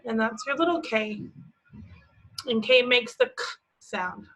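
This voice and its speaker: Slow, bright-voiced preschool teacher woman. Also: a little high, rough recording. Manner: gentle, encouraging, asks children questions then answers. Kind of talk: slow, patient teaching to young children.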